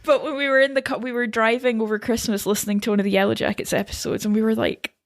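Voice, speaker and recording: A woman chatting on a podcast as a host, talking in a lively, chatty way. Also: fairly high pitch, quick pace. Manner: chatty and animated. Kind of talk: casual chat.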